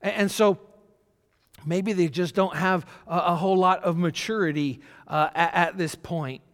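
A man's voice: high-pitched, fairly even intonation, a little slow, a bit bright. A man preaching a sermon as pastor, speaking conversationally with frequent restarts and repeated words. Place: church sanctuary. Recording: long reverb in a large church hall.

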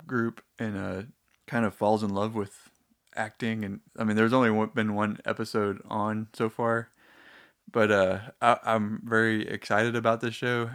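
Man, low-pitched, casual, rambling, wry, restarts often. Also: a bit bright. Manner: rambling, self-interrupting, wry asides. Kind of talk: casual TV show recommendations.

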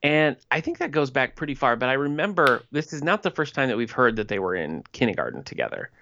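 A woman's voice: extremely low pitch, big pitch swings, fast talker, fairly bright tone, slight background noise. Chatty wry woman on lo-fi audio. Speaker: podcast co-host. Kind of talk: casual chat recapping a TV episode.

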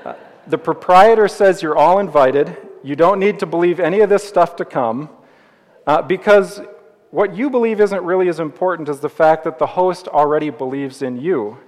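A man's voice: on the high side, moderate pace. A middle-aged male pastor preaching a sermon in a church, playful and conversational, with jokes. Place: church sanctuary. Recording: long reverb of a church hall.

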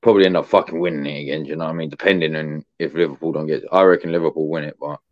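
A man's voice: rumbling low, fairly even intonation, rapid-fire, dry recording, dull audio. A man chatting casually as co-host, slangy, rambling and swearing freely. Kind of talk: casual chat.

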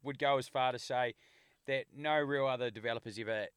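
A man's voice: mid-range voice, fairly even intonation, a little fast, fairly bright tone, clean tone, no echo. A man co-hosting a podcast, joking in casual banter. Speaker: podcast co-host. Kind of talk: casual chat.

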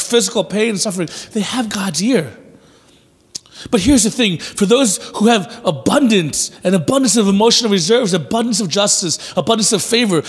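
A male pastor preaching a sermon in a conversational, animated way with acted-out asides, in a church sanctuary. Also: sits high, husky. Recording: long reverb of a large hall.

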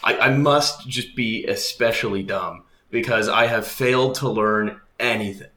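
A man's voice: lowish voice, unhurried, bright, forceful tone, reverberant. A Canadian man in his thirties with a Canadian accent, chatting as a podcast guest in a dry, self-deprecating way. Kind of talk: casual interview chat.

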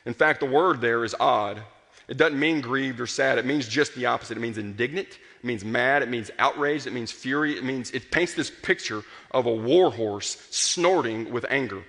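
In a large, reverberant hall, a male pastor gives a passionate, earnest sermon that surges to strong emphasis and then goes quiet. His voice is bright and forceful, medium in pitch, at a moderate pace.

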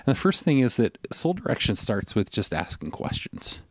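A man's voice: fairly low pitch, sing-song, normal speed, no echo. A man preaching a sermon in a reflective, conversational way, often using fillers as he thinks aloud. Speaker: pastor.

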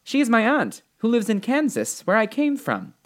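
Storybook role: wide-eyed, earnest little girl, high and bouncy, voiced by a man. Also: wildly swooping pitch, moderate pace, fairly bright tone, full character voice. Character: innocent, polite little farm girl.

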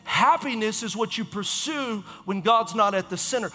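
A man preaching as a pastor, in an impassioned, repetitive style with quick self-corrections. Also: high-pitched, sharp tone, long reverb tail, faint music behind. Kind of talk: sermon.

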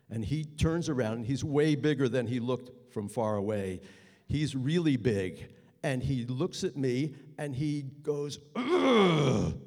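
A man telling a personal story live onstage at a story slam, earnest, with halting pauses that build tension. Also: medium pitch, mellow, in a large hall. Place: theater stage.

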